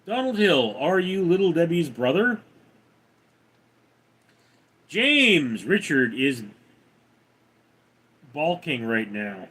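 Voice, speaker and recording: A man's voice: fairly high pitch, very animated, takes it slowly, long pauses, fairly bright tone, slightly rough. A man hosting a casual livestream, reading out chat names and answering them one by one in a drawl.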